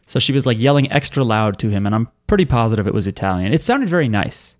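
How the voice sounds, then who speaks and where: A man talking casually on a podcast with his friends. He rambles and jokes, and sometimes turns defensive. His voice sits at an ordinary middle pitch. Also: sing-song, fast. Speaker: podcast co-host. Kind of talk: casual chat.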